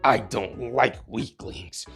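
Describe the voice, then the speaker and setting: A man voicing a cruel male monster villain who mocks his foes in a low, taunting voice. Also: takes it slowly, fairly bright tone, husky, faint music behind. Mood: menacing.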